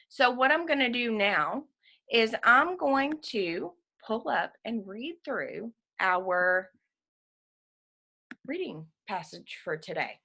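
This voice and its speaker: A woman's voice: fairly high pitch, expressive, a little slow, bright, forceful tone. A woman teacher in a remote class lesson, chatting upbeat with her young students and reading a passage aloud. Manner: upbeat, chatty, addresses kids as friends.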